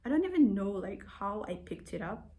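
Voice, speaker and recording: A woman's voice: mid-range voice, big pitch swings, normal speed, dark tone. A woman in her twenties with an accent that mixes British and Australian, rambling and self-deprecating as she talks to her own camera. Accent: mixed British and Australian. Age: 20s. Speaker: vlogger. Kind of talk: casual rambling vlog.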